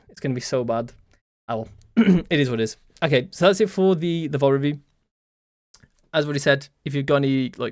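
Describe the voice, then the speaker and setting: Young male streamer from the English West Midlands, mid-pitched, chatty and repetitive, dry close sound. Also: a little mellow, dry recording. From West Midlands, England. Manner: rambling, repeats phrases, many fillers. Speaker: game coach and streamer. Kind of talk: casual live-stream chat.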